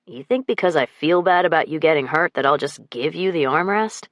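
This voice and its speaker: A woman putting on a playful young man with a lowered, easygoing voice, teasing his companion in a romance audiobook. The sound is dry and close, with a mellow low register. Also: fairly quick, no room sound, lightly acted.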